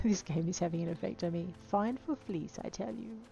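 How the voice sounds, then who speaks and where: Playful woman narrating a game, gravelly. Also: fairly low pitch, quick pace, dark tone, highs cut off. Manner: chatty, playful, talks to game creatures. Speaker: game player. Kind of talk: let's play commentary.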